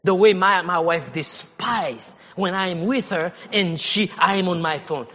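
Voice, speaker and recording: High, bright-voiced male pastor preaching in an echoey hall. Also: a little slow, muffled recording. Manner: conversational preaching, rising to shouted exhortation. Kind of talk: sermon. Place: church sanctuary.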